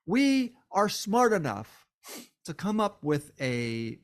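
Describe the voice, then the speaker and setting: A man's voice: high-pitched, very animated, slow. A man hosting a solo podcast, tired and worn down, talking with passion and repeating phrases for emphasis. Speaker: podcast host.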